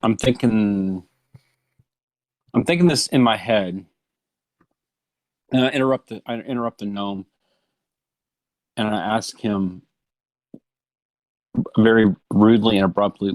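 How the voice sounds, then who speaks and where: A man playing a tabletop game over voice chat, speaking loudly and hesitantly. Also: lowish voice, unhurried, long pauses, dry recording. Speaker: player.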